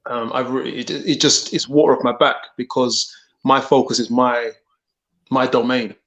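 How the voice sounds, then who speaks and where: A man's voice: medium pitch, fairly even intonation, moderate pace, fairly bright tone. Hesitant man in casual chat. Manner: hesitant, many fillers and restarts.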